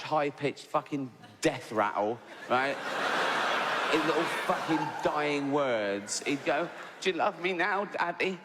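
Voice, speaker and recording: A middle-aged man doing a stand-up routine, swearing a lot and acting out both sides of arguments in raised voices. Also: medium pitch. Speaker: stand-up comedian. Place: large theatre stage. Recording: live hall with reverb and audience noise.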